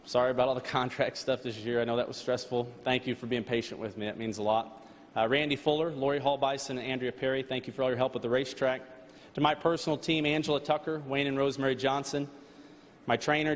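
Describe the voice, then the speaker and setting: A man, a race car driver, giving an earnest, halting thank-you speech at an awards banquet. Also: mid-range voice. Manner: earnest, halting, with frequent restarts and fillers. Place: large banquet hall. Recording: long hall reverb, faint background noise.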